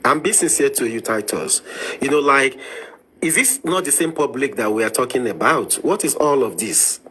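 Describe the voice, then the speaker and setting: A Nigerian man with a Yoruba accent speaks in a mid-pitched voice, sincere and pleading as he defends a friend. His tone is bright and edgy. A faint hiss runs underneath. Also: animated, normal speed. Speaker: participant in a live audio chat. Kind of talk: earnest casual talk.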